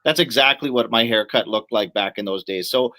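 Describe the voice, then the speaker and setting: A man's voice: lowish voice, brisk. A man guest in a casual chat, telling nostalgic stories and acting out favorite film speeches. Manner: nostalgic, animated storyteller. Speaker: guest, comic writer.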